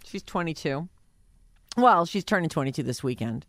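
A woman's voice: low voice, normal speed, a little hiss or hum. Gossipy woman host. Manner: gossipy, animated, laughs often. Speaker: radio show host. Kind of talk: casual morning-show chat.

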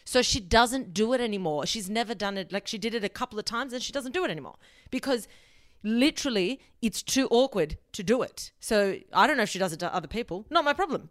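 A woman hosting a podcast, giving blunt, animated advice and swearing freely. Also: mid-range voice, no echo, clean studio sound. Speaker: podcast host. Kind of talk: casual advice monologue.

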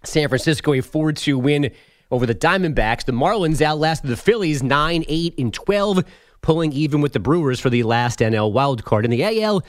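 A man reading sports headlines as a radio host, brisk and joking. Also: fairly high pitch, expressive, dry recording, clean studio sound. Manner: brisk, joking newsreader delivery. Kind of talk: sports headlines read with banter.

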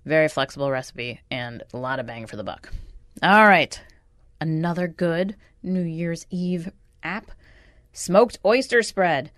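A woman's voice: fairly low pitch, dry recording, studio quality. A woman hosting a radio show, chatting wryly and giving easy recipe tips. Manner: chatty, wry, animated.

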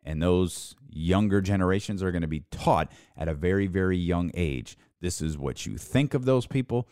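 A man's voice: low-pitched, lively intonation, moderate pace, a little mellow, clean tone, no echo, clean studio sound. A man hosting a solo sports talk show, speaking in a casual, opinionated way with wry, exasperated asides. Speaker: sports talk podcast host.

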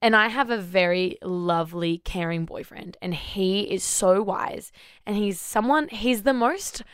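Brief: woman podcast co-host, lively anecdotal storyteller, mid pitch, close dry mic. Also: unhurried, smooth, no room sound. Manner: animated storytelling, laughs often. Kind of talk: casual faith podcast chat.

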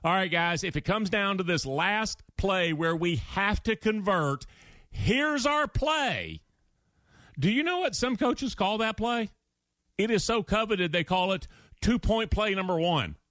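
A man's voice: high-pitched, dry recording, clean studio sound. A man hosting a sports radio show, telling stories with emphasis and acting out quotes. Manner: animated storytelling, acts out quotes, emphatic. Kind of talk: opinionated sports talk monologue.

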